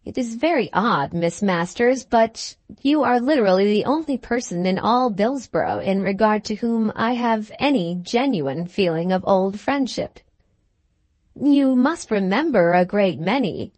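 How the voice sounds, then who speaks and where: Woman reading a gentleman, earnest and a bit gruff about himself, plain voice, dry sound. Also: mid-range voice, lively intonation, measured pace, no room sound. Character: gruff but kind gentleman, self-mocking.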